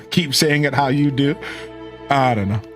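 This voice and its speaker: A thirtysomething live streamer from Ohio talks with viewers in a casual, animated way, his medium-pitched voice measured in pace and carrying an Ohio accent. Faint music plays behind him as he rambles and keeps correcting himself.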